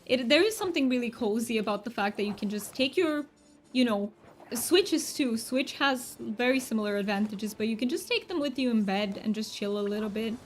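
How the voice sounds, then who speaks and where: A woman's voice: fairly high pitch, lively intonation, fairly quick, a little hiss or hum. A young woman streaming a cozy game from home, chatting and giggling as she plays. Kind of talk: casual chat while gaming.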